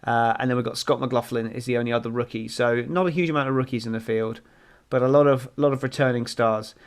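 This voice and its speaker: A man's voice: medium pitch, steady tone, fast talker, clear, resonant tone. A man co-hosting a casual motorsport podcast, rambling through results with plenty of ums and restarts. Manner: rambling, runs through standings with many fillers. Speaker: podcast co-host.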